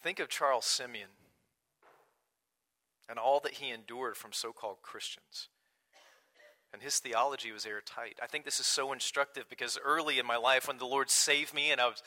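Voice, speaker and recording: A man delivers a sermon in an earnest preaching manner. His voice is strikingly bright and cutting, and his pitch sits at an ordinary middle height. He leans hard into key phrases, then drops to hushed, quiet asides. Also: steady tone, normal speed. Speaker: pastor.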